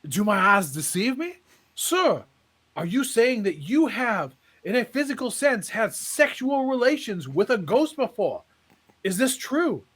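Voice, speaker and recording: A man voicing a showy, fervent male tent-revival preacher in a pompous preaching cadence with drawn-out pauses. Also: high voice, expressive, a bit bright, full character voice. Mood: probing.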